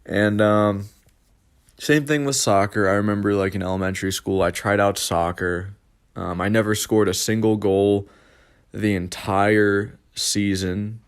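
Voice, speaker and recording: A man's voice: lowish voice, fairly even intonation, measured pace, clear, resonant tone. A young man telling a casual storytime monologue for his vlog, rambling, packed with fillers and swearing. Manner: rambling, filler-heavy, profane. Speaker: vlogger.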